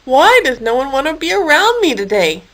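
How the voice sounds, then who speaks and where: A woman voicing a big, slow, gloomy male hippo in a storybook, drawing her lines out. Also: a little high, animated, gravelly, a bit bright. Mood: sad.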